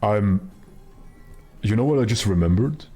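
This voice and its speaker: A man with a very low, mellow voice chats through a live game stream. He rambles wryly and pokes fun at himself between plays, and faint game music runs quietly behind him. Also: animated, a little slow, slightly rough. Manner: chatty, wry, self-mocking asides. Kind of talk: casual live gameplay commentary.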